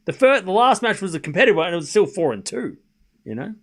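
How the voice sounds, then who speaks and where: A man hosts a live tennis watchalong, talking loosely to his chat. His voice sits a little high for a man, and he rambles through rhetorical questions and dry sarcastic asides between calling the score. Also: very animated, fast talker. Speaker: stream host and tennis commentator. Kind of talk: casual livestream commentary.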